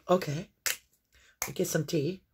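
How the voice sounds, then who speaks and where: A woman's voice: low-pitched, a little hiss or hum. A woman giving an intuitive tarot reading to viewers, earnest and exclamatory, with fits of coughing. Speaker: tarot reader.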